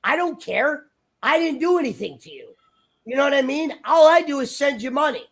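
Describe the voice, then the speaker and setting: A man's voice: very high-pitched, expressive, moderate pace, vocal fry, a bit bright. A man chatting on a livestream in a rambling, argumentative, profane way. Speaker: stream guest. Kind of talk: casual livestream chat.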